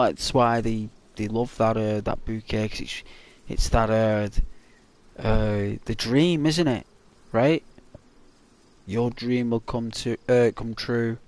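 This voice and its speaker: A gaming channel host chats casually while playing, rambling through anecdotes with frequent chuckles and plenty of fillers. He has a mid-range, slightly mellow voice.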